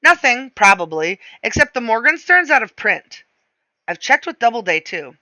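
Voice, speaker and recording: A reader voicing a sharp, suspicious wife who is a psychiatrist, speaking in a probing, matter-of-fact way. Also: medium pitch, very animated, normal speed, dry recording, pitched above the performer's own voice.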